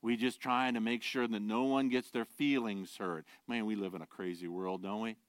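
A pastor preaching a sermon, earnest and direct, shifting from quiet, low asides to loud, emphatic declarations and rhetorical questions. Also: male voice, steady tone, normal speed, dry recording. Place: church.

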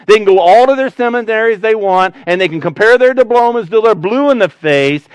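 A man preaches a sermon in a smooth, resonant voice, recorded close and dry. He talks conversationally, then swings up loud and animated before dropping to a hushed, low register. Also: a little fast, hardly any pauses, no echo. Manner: conversational, animated preaching with sudden loud rises and quiet drops. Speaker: pastor.

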